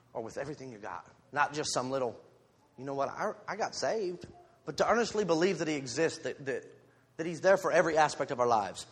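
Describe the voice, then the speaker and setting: His voice on the high side and husky, a lay preacher speaks to his congregation on a handheld mic in a relaxed, candid sermon full of self-deprecation and jokes. The recording carries the long reverb of the church sanctuary.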